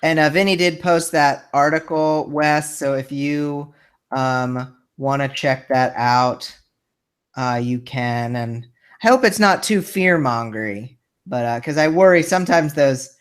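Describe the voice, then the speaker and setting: Male host, somewhat high voice, friendly and hesitant, casual live chat. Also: a little slow, clear, resonant tone. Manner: friendly, hesitant, lots of fillers. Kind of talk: casual live-show chat, reading viewer questions.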